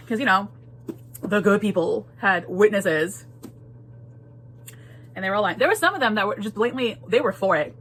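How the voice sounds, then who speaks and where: A woman's voice: medium pitch, animated, normal speed, long pauses, a bit bright, slight background noise. A woman giving a casual spoiler book talk, emphatic and full of repeated phrases and laughter. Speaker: book reviewer.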